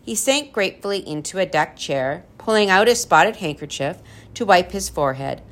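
Expressive woman reading a storybook. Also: fairly low pitch, moderate pace. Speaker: narrator.

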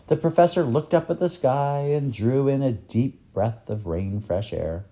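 A man narrating a children's story aloud, in an expressive read-aloud manner. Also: medium pitch, unhurried, few pauses.

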